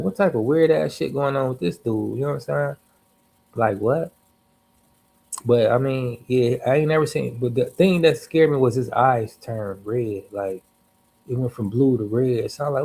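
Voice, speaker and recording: A man's voice: mid-range voice, gravelly, darkish tone, rough recording. A young man on a livestream telling a personal story in a loose, slangy, profane way, with asides and restarts. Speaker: livestream host.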